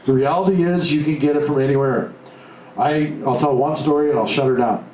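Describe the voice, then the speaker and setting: A man giving a live motivational talk to an audience, blunt and animated, acting out the lines he quotes. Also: a little high, brisk, lo-fi sound. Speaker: motivational speaker. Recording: echoey room, mic at a distance, faint noise.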